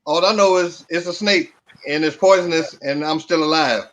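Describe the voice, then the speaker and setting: A man with a notably high speaking voice, talking casually as a podcast guest. He tells his stories in a relaxed, dryly funny way with loose everyday grammar. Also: normal speed. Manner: laid-back storyteller, dry humor, loose grammar. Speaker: podcast guest, beard company owner. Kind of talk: casual chat.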